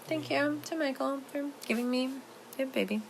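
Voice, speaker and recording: A woman's voice: high-pitched, normal speed, creaky, slight background noise. A woman hosting a podcast in casual chat, rambling playfully with lots of "like" fillers. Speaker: podcast host.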